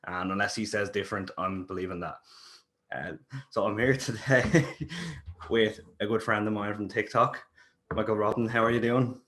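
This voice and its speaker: A man's voice: fairly low pitch, fairly even intonation, normal speed, a bit bright. An Irish man hosting a podcast in casual chat, easygoing and joking with his guest. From Ireland. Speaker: podcast host.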